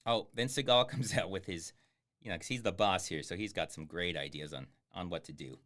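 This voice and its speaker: A man's voice: deep voice, brisk, a bit bright. A man giving sarcastic, swearing live commentary on a film as he streams it. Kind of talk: casual livestream commentary.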